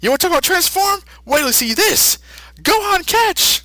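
A man puts on a grown male fighter with a squeaky, exaggerated cartoon voice, cheerful at heart but quick to panic. His pitch leaps all over, the tone stays bright and cutting, and the sound is dry and close. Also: very animated, no room sound, full character voice. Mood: cocky.

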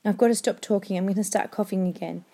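A weary, dying father speaks quietly and insistently to his son, as a woman reading to her class gives him his lines. The voice stays mellow and gentle. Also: mid-range voice, steady tone, fast, close to an everyday voice. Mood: tender. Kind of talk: reading a novel aloud to a class.

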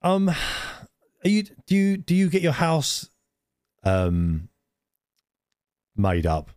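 A man's voice: fairly high pitch, huge pitch swings, slow, a little mellow, dry recording, studio quality. A man co-hosting a casual podcast chat, telling rambling stories and laughing often. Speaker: podcast co-host.

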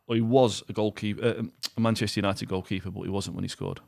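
A man's voice: on the low side, steady tone, quick pace, gravelly, a little mellow, no room sound, clean studio sound. A young man hosting a casual podcast, teasing his co-host with jokes, laughter and the odd swear word while running a quiz. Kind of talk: casual banter.

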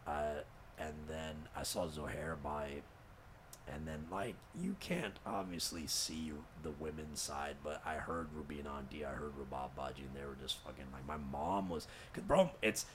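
A man's voice: extremely low pitch, normal speed, slight background noise. A young man telling a personal story in casual talk, emotional and rambling, swearing often and mixing in Urdu words. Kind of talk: casual conversation.

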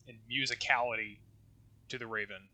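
A man's voice: medium pitch, steady tone, moderate pace, bright, forceful tone. A man co-hosting a casual talk about poetry, loose and rambling with restarts and a bit of swearing. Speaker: podcast co-host.

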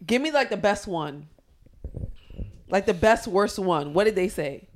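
A woman with a lively, swooping voice fires back sassy, teasing comebacks in a casual podcast chat. Faint background noise sits under her voice. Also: medium pitch, unhurried. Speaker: podcast co-host.

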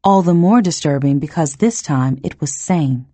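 A woman narrates a first-person novel in a measured, tense way. Her voice is low, dark and mellow with a husky edge. The recording is close and dry, with no room sound. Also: expressive, no echo. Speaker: audiobook narrator.

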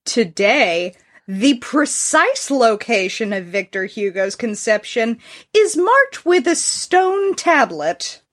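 A woman in her thirties hosting a podcast in a fairly high voice. She talks casually and drops dry, deadpan jokes while she tells the story. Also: takes it slowly. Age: 30s. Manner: wry, deadpan humor. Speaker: podcast host. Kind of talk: casual chat.

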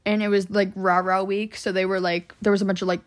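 This young woman speaks fast in a mid-range voice with flat delivery. She's chatting casually on a podcast, rambling through a story loaded with "like" and profanity.

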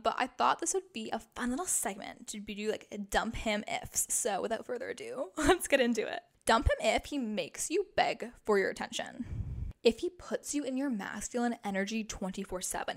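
Young woman chatting on her podcast, kinda high voice, lots of likes, emphatic. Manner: chatty and emphatic, many "like" fillers. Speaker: podcast host. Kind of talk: casual podcast monologue.

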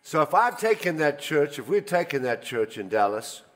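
An older man preaching a sermon, telling personal stories and swinging between loud emphasis and quiet asides. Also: on the high side, very animated, normal speed. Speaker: pastor. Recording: reverberant hall.

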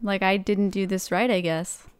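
Clear-voiced young woman, dry close sound. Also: mid-range voice, fairly even intonation, moderate pace, no room sound. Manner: agreeable, frequent backchannel "yeah". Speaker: co-host. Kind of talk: casual chat.

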